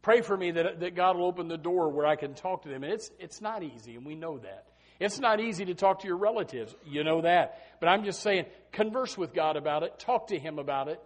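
A middle-aged man preaching a sermon as a pastor, swinging from sudden shouted peaks down to quiet, low asides. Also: expressive, fairly quick.

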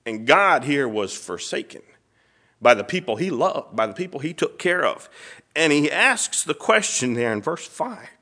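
Bright-voiced emotional male preacher. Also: on the high side, big pitch swings, normal speed. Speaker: pastor teaching a church class. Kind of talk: sermon with scripture reading. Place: church room.

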